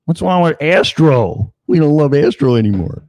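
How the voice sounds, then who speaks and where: A man's voice: a little high, animated, moderate pace, darkish tone, no room sound, voice pushed up. A man putting on the voice of a fussing dog owner, whiny and drawn out. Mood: mock fussing.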